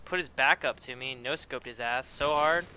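A man giving profane, excitable live commentary while playing a shooter game. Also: medium pitch, normal speed, slight background noise. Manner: profane, excitable trash talk. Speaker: gameplay commentator.

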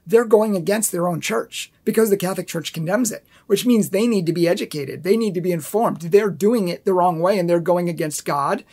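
Gravelly voice, catholic apologist ranting at a book, keeps repeating stuff and daring viewers to check. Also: mid-range voice, a little fast, few pauses, a little mellow. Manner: emphatic, repeats points for stress, laughs at claims it rebuts; challenges viewers directly. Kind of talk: apologetics commentary video.

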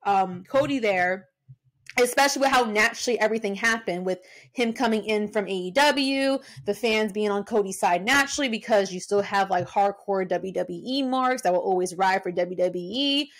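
A young woman co-hosting a casual podcast chat, passionate and animated, swearing freely. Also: medium pitch, normal speed. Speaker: podcast co-host.

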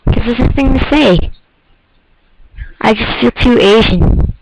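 A man's voice: very high-pitched, takes it slowly, vocal fry, low-quality recording. A teenage boy rambling and joking through casual let's-play commentary of a horror game. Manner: goofy, rambling, jokey. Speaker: gamer.

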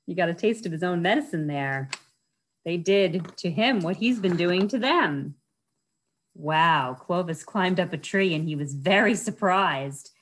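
Slow, animated woman reading a storybook. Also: fairly low pitch, husky, poor audio. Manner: animated, asks the listeners questions. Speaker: library storytime reader. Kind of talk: reading a picture book aloud to children.

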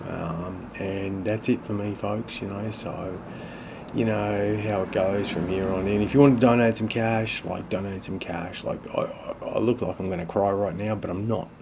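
A man with an Australian accent ranting casually and sarcastically to camera, swearing and rambling with halting restarts. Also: on the low side, fairly even intonation, vocal fry, background noise. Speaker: vlogger. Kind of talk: casual profane rant to camera.

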